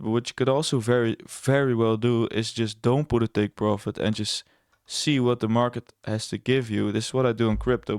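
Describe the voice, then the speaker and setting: Low gravelly man explaining trades. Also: a little mellow, no echo, studio quality. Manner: rambling, self-correcting, blunt and sarcastic. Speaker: trading educator. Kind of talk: casual screen-share trading walkthrough.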